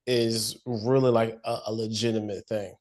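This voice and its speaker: A man co-hosting a casual TV recap podcast, slangy and animated, acting out characters' lines as he talks. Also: lowish voice, normal speed. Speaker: podcast co-host.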